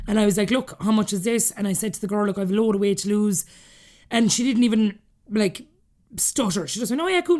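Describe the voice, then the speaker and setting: A woman in her thirties with an Irish accent, a podcast guest telling her story candidly and acting out the dialogue she quotes. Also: medium pitch. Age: 30s. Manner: rapid, animated, acts out quoted dialogue.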